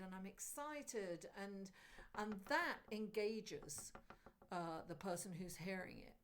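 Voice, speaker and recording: A woman's voice: mid-range voice, takes it slowly. Chatty woman reading tarot live. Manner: animated, chatty, addresses viewers directly. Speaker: astrologer and tarot reader.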